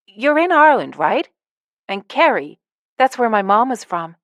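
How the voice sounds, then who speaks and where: A woman narrator voicing a calm young American woman who teaches yoga, with an American accent. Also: a little high, moderate pace, dry recording, muffled recording, pitched above the performer's own voice.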